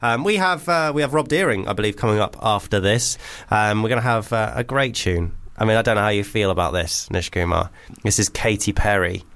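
A man's voice: fairly low pitch, fairly quick, a bit bright. A young man co-hosting a comedy radio show, telling rambling, self-deprecating stories with lots of restarts. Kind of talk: casual comedic radio chat.

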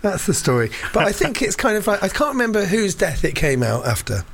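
A man's voice: high-pitched, sing-song, brisk, creaky, a bit bright. A man telling a story in casual chat, rambling with fillers and laughs.

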